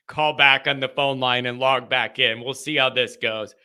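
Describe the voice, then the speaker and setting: A man hosting a live call-in sports show, chatting casually and telling stories in animated, rambling bursts. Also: mid-range voice, unhurried, smooth. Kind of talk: casual live-stream chat and storytelling.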